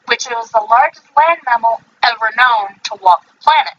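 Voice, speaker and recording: A woman's voice: fairly high pitch, expressive, normal speed, a bit bright, highs cut off. A woman hosting a podcast in casual chat, rambling with many fillers and self-corrections. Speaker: podcast host.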